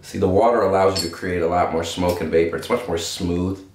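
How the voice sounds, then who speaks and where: A man with a fairly low voice talks through a casual review in a brash, joking way, swearing often. His voice rings around an echoey room. A faint hiss of noise sits behind him. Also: steady tone, a little fast. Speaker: cannabis strain reviewer. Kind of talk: casual profane review chat.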